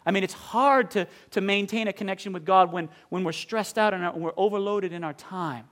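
A man preaching a sermon with a rather high voice. He swings between booming declarations and quiet, hushed passages. He draws out scripture slowly for emphasis. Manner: drawn-out emphatic scripture reading; questions and asides to the congregation.

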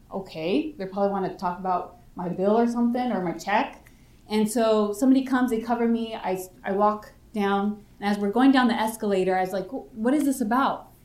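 A young woman gives a personal faith testimony and brings the story to life by playing out the other people's lines herself. Her voice sits at an ordinary middle pitch. The sound rings with a roomy echo. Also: a little mellow. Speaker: speaker giving a testimony.

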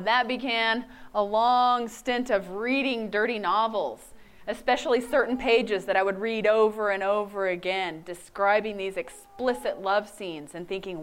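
A woman's voice: medium pitch, measured pace. A woman in her forties giving a candid, self-mocking personal faith testimony. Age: 40s.

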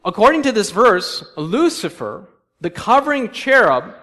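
A man preaching a sermon in a church. He reads scripture aloud and quizzes the congregation, moving between quiet asides and emphatic lines. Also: high voice, sing-song, unhurried. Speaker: pastor. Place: church sanctuary.

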